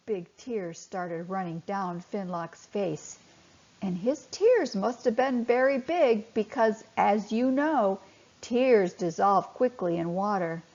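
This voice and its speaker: A woman softly and expressively reading a bedtime story to children. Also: medium pitch, takes it slowly. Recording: dull lo-fi recording.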